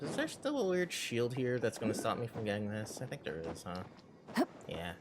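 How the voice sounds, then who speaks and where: A man's voice: medium pitch, wildly swooping pitch, normal speed, a little hiss or hum. A man streaming a video game, chatting casually and laughing often. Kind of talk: casual gameplay commentary. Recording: game music under the voice. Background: game music.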